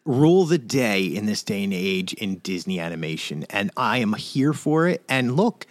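Lively jokey podcast co-host man. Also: lowish voice, normal speed, no echo. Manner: animated, jokey, acts out quotes. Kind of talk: casual chat.

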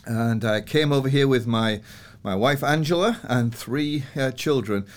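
A man's voice: medium pitch, measured pace. Older Yorkshire-accented man telling his story. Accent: Yorkshire English. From northern England. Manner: chatty, laughs easily, many fillers. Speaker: podcast guest. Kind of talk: relaxed personal storytelling.

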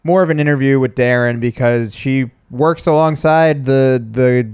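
A man's voice: medium pitch, fairly even intonation, normal speed, darkish tone, clean tone, no echo, studio quality. A man co-hosting a podcast, chatting casually and joking with fillers and asides. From Italian heritage. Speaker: podcast co-host.

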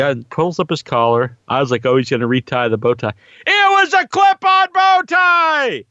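A man's voice: very high-pitched, pushed and bright, no echo, lo-fi sound. A man talking casually in a rambling, profane monologue about wrestling. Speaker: wrestling commentator.

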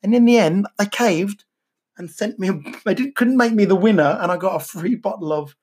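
A woman's voice: mid-range voice, brisk, mellow, slightly rough. A woman hosting a podcast, chatting casually in a rambling, jokey, self-mocking way. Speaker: podcast host. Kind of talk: casual chat.

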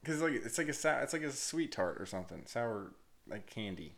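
A man's voice: on the low side, fairly quick. A man chatting casually with friends on a podcast, swearing often and laughing as he tells stories. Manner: profane, laughing, animated storytelling. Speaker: podcast co-host. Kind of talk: casual chat among friends.

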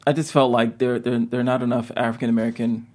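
Guest, male director, halting delivery, lots of ums and repeats. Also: medium pitch, little pitch movement, a little mellow. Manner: hesitant, with many fillers and repeats. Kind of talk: casual interview.

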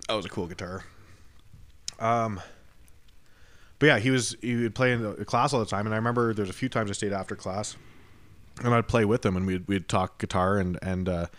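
A man co-hosting a podcast, reminiscing in relaxed casual chat with many fillers. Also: lowish voice, a little fast, long pauses, no echo. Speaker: podcast co-host.

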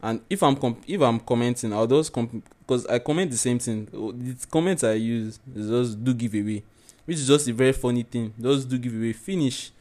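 A man's voice: medium pitch, a little fast, a little mellow. A man co-hosting a podcast, talking in a laid-back, slangy, plain-spoken way. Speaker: podcast co-host. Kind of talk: casual podcast chat.

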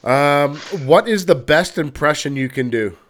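A man's voice: on the high side, lively intonation, unhurried, fairly bright tone. A man hosting a podcast, asking brief, laid-back questions with fillers. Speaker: podcast host. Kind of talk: casual interview questions.

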